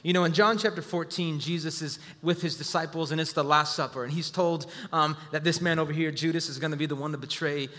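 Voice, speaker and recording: A man's voice: fairly high pitch, fairly even intonation, fast, few pauses, pushed and bright, long reverb tail. A man preaching a sermon as pastor, emphatic and repeating key phrases to the congregation.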